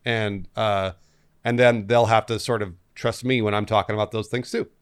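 A man's voice: on the low side, fairly even intonation, moderate pace, clear, resonant tone. A man chatting on a podcast in a reflective way, repeating words as he thinks. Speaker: podcast co-host. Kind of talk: casual chat.

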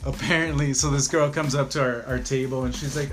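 A man's voice: medium pitch, fairly even intonation, brisk, over music. A young man telling a rambling work story in casual chat, full of swearing, fillers and laughs. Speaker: restaurant worker telling a story.

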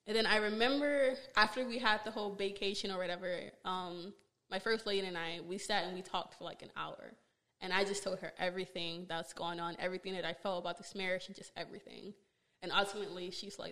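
A woman podcast host telling a personal story in a casual, animated way, exasperated and full of fillers. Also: on the low side, quick pace.

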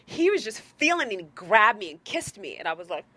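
A woman's voice: mid-range voice, a little fast, dry recording. A woman guest telling a story in casual chat, laughing often and acting out what people said. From New York. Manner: lively, laughing, acts out quotes. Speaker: guest performer.

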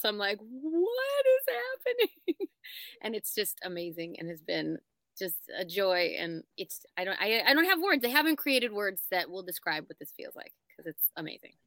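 Bright-toned, giggly young woman, panel guest. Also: on the low side, dry recording. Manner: bubbly, laughing, self-described nerd. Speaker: voice actor guest. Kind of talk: casual panel chat.

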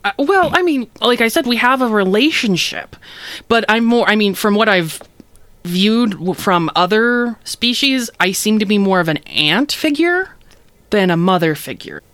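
An easygoing alien mother who sees herself as more of an aunt, hesitant and apologetic, leaning on fillers, as a player voices her in a tabletop game. The voice is mid-pitched and dry. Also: expressive, moderate pace, a bit bright, no echo, lightly acted. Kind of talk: tabletop role-play.

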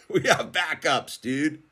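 High, lively middle-aged man saying "dude". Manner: laid-back slangy, keeps saying "dude"; animated, swings between fast bursts and slow emphasis. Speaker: channel host. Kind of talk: casual motivational monologue.

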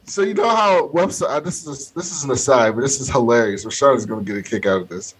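A man's voice: medium pitch, moderate pace, breathy edge. A man from Baltimore co-hosting a podcast, chatting casually, laughing often and swearing freely. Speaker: podcast co-host. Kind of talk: casual chat.

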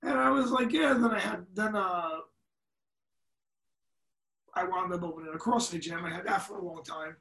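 High-voiced new guy cussing and laughing thru his stories, kinda far off in an echoey room. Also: normal speed, creaky, pauses often. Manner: profane, laughing, animated storyteller. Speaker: podcast guest. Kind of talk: casual storytelling. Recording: echoey room, set back from the mic.

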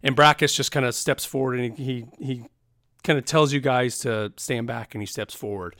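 A man's voice: medium pitch, fairly even intonation, moderate pace, fairly bright tone, no room sound, clean studio sound. A young man narrating a tabletop game as dungeon master, casual and rambling with many fillers.

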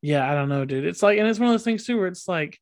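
A man's voice: high voice, expressive, quick pace, no echo. A man co-hosting a podcast in casual chat, slangy, calling his friend "bro" and "dude".

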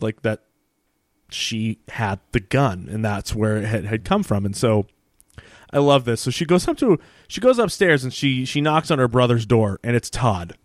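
A man's voice: mid-range voice, no room sound, studio quality. A man co-hosting a casual podcast, recapping a TV episode with laughs and acted-out lines. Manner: animated, laughing, acts out characters' lines. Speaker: podcast co-host.

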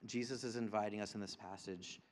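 A man preaching a sermon as a pastor, earnest and repetitive for emphasis, moving between hushed tender lines and loud emphatic ones. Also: on the low side, fairly even intonation, fairly quick, a little hiss or hum. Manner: earnest, repeats phrases for emphasis.

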